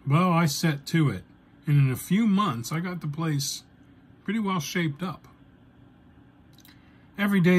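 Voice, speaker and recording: A man telling a personal story with dry, understated humor. His voice sits at a middle pitch, and he takes his time, letting each line land slowly. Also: a little mellow, slightly rough. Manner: deliberate, dryly humorous.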